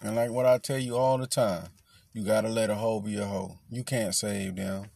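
A man's voice: lowish voice, fairly even intonation, normal speed, creaky, mellow. A man hosting his own podcast, giving a blunt, profane, lecturing solo rant. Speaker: podcast host.

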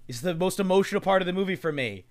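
A man's voice: high-pitched, expressive, very fast. A man in casual podcast chat about a film, talking loosely with lots of "like" and laughter. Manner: chatty, laughing, hedging with "like". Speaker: podcast co-host. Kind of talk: casual movie discussion.

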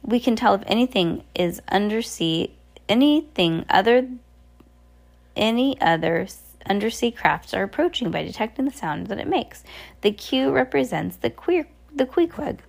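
A woman reading aloud, voicing the captain's young stepdaughter, who calmly explains things. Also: fairly high pitch, moderate pace, creaky, voice pushed up. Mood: explaining.

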